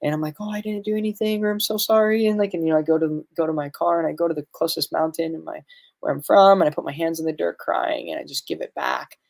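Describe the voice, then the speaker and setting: A man's voice: fairly high pitch, quick pace, creaky, darkish tone. A man guest on a podcast, a medicine facilitator telling a spiritual story in an earnest, reflective way, full of "you know" fillers.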